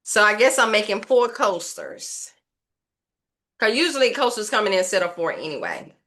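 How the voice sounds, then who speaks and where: A woman's voice: mid-range voice, very animated, normal speed, a bit bright. A woman casually narrating a craft tutorial, thinking aloud and rambling to her viewers as she works. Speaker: craft vlogger.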